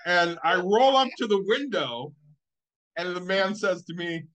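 A coach spins a story in a casual chat, firm and unhurried as he makes his point. His voice sits a little higher than most men's, and he swears without a second thought. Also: animated, fairly bright tone.

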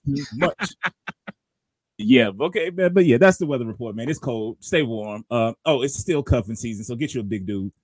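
A man's voice: medium pitch, lively intonation, moderate pace, dry recording. A man from Georgia co-hosting a casual podcast, joking around and doing a playful mock weather report. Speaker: co-host.

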